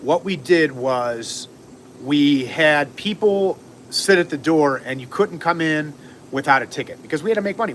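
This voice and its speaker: A man telling a long story on a casual livestream, rambling and animated, acting out what people said. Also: fairly high pitch, slight background noise. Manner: rambling, animated, acts out quotes.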